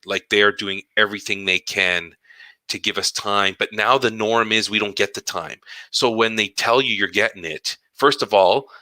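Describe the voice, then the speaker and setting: Animated man with a sharp, dry voice. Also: low voice, dry recording. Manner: animated storytelling, acting out conversations. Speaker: elementary school teacher. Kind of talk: casual podcast monologue.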